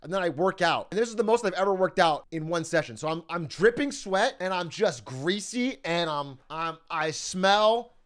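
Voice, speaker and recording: A young man streaming, telling a long personal story in a casual, profane, animated way and laughing often. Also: high-pitched, normal speed, hardly any pauses.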